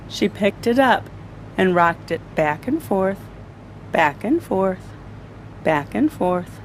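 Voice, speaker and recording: A woman reading a children's story aloud to a group, slow and expressive. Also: mid-range voice, slight background noise, rough recording. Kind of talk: picture-book read-aloud.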